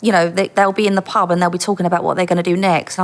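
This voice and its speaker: A woman telling stories in a casual interview. She is animated and laughs often, and she acts out the voices in her stories. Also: lowish voice, racing. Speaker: guest, former undercover police officer.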